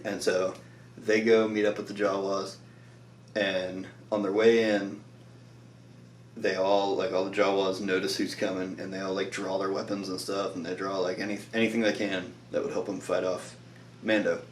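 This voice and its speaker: A man with a somewhat low voice recaps a show episode in a loose, tired ramble full of "like" and little laughs. He sits well back from the mic in a bare, echoey room. A faint electrical hum runs under his voice. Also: flat delivery, moderate pace, far from the mic. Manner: rambling, lots of "like", laughs often.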